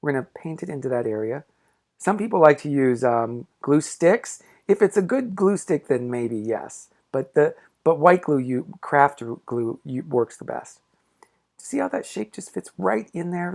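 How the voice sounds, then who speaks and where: A man's voice: a little high, big pitch swings, a little slow, vocal fry, darkish tone. A man, a pop-up book artist, walking viewers through a craft tutorial in an upbeat, encouraging, playful way.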